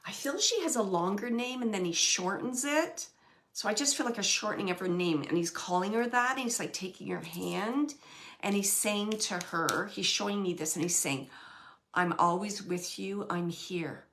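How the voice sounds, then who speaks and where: Soft-spoken woman with a gravelly edge. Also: medium pitch. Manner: relays messages in a soft, halting way, often dropping to a whisper. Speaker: medium giving readings. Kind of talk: live mediumship reading.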